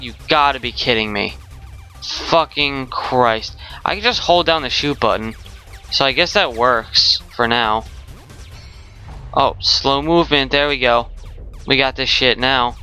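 A man's voice: mid-range voice, bright, forceful tone, clear, resonant tone. A young man giving rage gameplay commentary, swearing constantly with exasperated outbursts. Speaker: gaming YouTuber.

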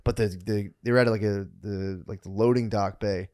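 A man in his thirties, a podcast co-host telling a story in casual chat, profane and animated, acting out the people he quotes. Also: fairly low pitch, normal speed.

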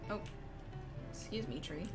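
A woman streamer chatting casually during a late-night game, drawn-out and giggly. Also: loud music behind the voice. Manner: slow, drawn-out talk broken by frequent giggles.

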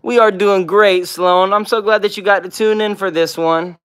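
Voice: medium pitch, steady tone, normal speed, a bit bright, clear, resonant tone. A pet channel host chatting on a casual livestream, greeting viewers by name, reading out comments and cooing at the dogs. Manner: affectionate baby talk with the dogs.

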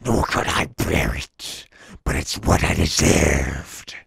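Batman, a gravelly vampire monster. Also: extremely low pitch, a bit bright, no echo, clean studio sound, pitched below the performer's own voice, full character voice. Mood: grim. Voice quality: gravelly, slow menacing rasp, half-whispered growl. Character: vampire bat-monster male vigilante, cold and menacing. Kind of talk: comedic comic recap voice acting.

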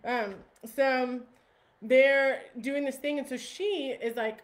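A woman hosting a casual live stream on her phone, chatting with a steady stream of "like" and "um" and greeting viewers by name. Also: high voice, slow.

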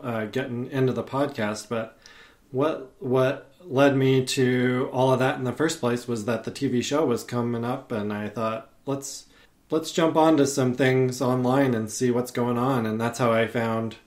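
A man talking as a podcast guest in casual chat, eager and rambling, with many fillers and restarts. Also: medium pitch. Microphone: podcast microphone.

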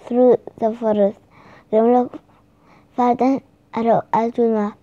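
A woman reads a children's storybook aloud, slowly and haltingly, with restarts. Her voice is very mellow and a little high. The recording is dry and slightly dull. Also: little pitch movement, no room sound. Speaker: reader. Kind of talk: reading a children's book aloud.

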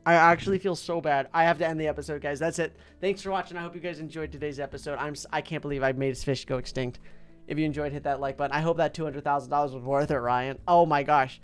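A man hosting a mobile game commentary, chatty and excitable, talking to the on-screen fish and jumping up in pitch and loudness when something goes wrong. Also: fast talker, hardly any pauses, clean tone, faint music behind. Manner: big jumps in pitch and loudness when upset. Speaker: gaming channel host.

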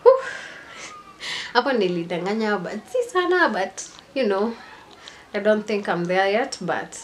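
A woman's voice: medium pitch, expressive, measured pace, slight background noise. A young woman, chatting casually in a rambling storytime vlog. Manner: chatty and rambling, mixing in Swahili slang. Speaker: vlogger.

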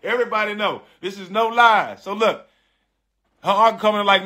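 Middle-aged man, casual storyteller, emphatic and profane, slightly high bright voice. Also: normal speed. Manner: animated, emphatic, profane, repeating phrases for emphasis. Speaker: former pro basketball player. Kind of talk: casual storytelling to a live online audience.

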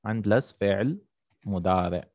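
Low-voiced man explaining an Arabic lesson. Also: highs cut off. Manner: checks in with "right?" and "hmm?", repeats Arabic words slowly. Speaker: Arabic teacher.

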